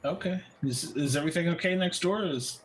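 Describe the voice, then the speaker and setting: A man's voice: a little high, fairly quick, slight background noise. A man co-hosting a podcast in casual banter, joking crudely. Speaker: podcast co-host.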